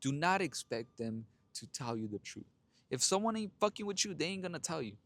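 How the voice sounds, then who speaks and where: A man's voice: on the high side, very animated, fairly quick, a bit bright. A young man hosting his own show, telling a dating story in a blunt, profane, casual monologue. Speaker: podcast host.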